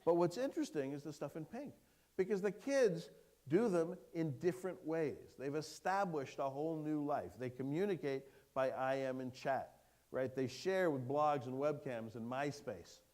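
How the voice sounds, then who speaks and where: A man giving a keynote lecture to an audience, lively and engaging, putting questions to the room. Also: on the high side, moderate pace. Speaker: keynote speaker. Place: lecture hall before an audience.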